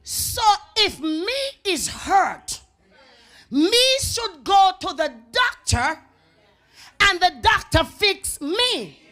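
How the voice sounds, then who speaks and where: A woman with a Jamaican accent preaching a revival sermon in church, dramatic and call-and-response, building to shouts. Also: very high voice. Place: church sanctuary. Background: organ or keyboard music.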